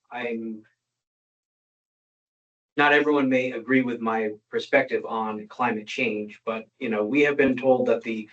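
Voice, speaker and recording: Skeptical man with halting speech. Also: mid-range voice, fairly bright tone. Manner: skeptical, halting with many restarts. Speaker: commissioner. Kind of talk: meeting discussion. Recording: muffled meeting-room recording.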